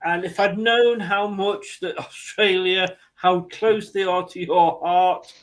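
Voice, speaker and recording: A high-pitched English man hosts a loose football chat. He talks easily, laughs often and restarts his sentences. The feel is relaxed banter among friends. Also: slow pace, low-quality recording. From England. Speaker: host.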